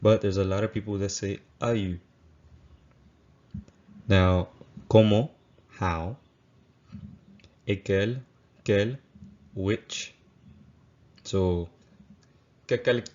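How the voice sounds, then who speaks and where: A man walks through a recorded slideshow lesson. He repeats every example slowly and catches his own slips. The sound is dull and lo-fi, as from a home computer mic. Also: lowish voice, darkish tone. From Louisiana. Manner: patient, repeats each example slowly, self-correcting. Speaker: language teacher.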